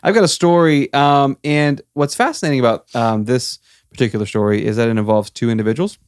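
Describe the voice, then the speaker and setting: A man from Florida, co-hosting a podcast and telling a story in a relaxed way, full of ums. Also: mid-range voice, brisk, smooth, dry recording, clean studio sound. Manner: relaxed, filler-heavy with many ums.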